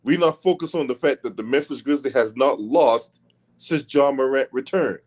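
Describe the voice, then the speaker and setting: A man's voice: medium pitch, moderate pace, darkish tone. A man hosting his own sports commentary channel, talking bluntly and profanely in a combative rant. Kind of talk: casual commentary.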